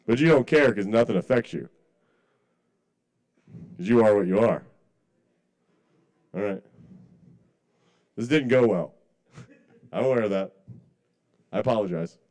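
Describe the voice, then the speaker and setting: A man's voice: lowish voice, expressive, measured pace, long pauses, a little mellow. Man, open mic comedian: rambling, self-mocking stand-up, lots of apologetic asides. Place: small cafe open mic.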